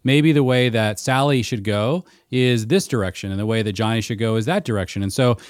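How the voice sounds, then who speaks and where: A man's voice: medium pitch, a little fast, no room sound. Earnest man, dry close sound. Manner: earnest, explaining at length. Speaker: podcast co-host and mentor. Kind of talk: casual podcast discussion.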